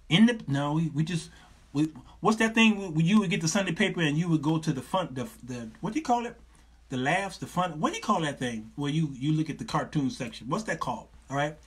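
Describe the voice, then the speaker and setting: Guy in his 50s hosting a live show, high husky voice, animated, plays out his stories. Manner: animated, acts out both sides of stories in raised voices. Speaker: show host. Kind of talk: live call-in talk show.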